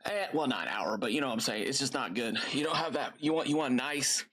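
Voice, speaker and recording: A man's voice: mid-range voice, expressive, quick pace, a bit bright. A middle-aged man hosting a livestream, chatting casually in a rambling, friendly way with many fillers and side stories. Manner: gives friendly step-by-step cooking tips to viewers. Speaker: gaming livestream host. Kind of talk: casual chat.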